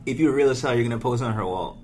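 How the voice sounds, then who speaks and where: A man's voice: mid-range voice, racing, mellow. A young man co-hosting a podcast in casual chat, joking and swearing as he teases. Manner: joking, profane, teasing. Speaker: podcast co-host.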